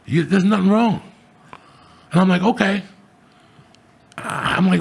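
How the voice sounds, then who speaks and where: An older man telling profane stories in casual chat, swearing often and working himself up into loud outbursts. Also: high-pitched, slow, creaky, pauses often, slightly rough. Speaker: comedian, show guest.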